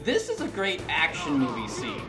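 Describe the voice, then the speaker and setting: A British man gives casual commentary over his game stream, rambling and correcting himself mid-sentence. His voice sits a little high for a man. A roomy echo and faint music play behind him. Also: huge pitch swings, normal speed. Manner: rambling, self-correcting, chatty.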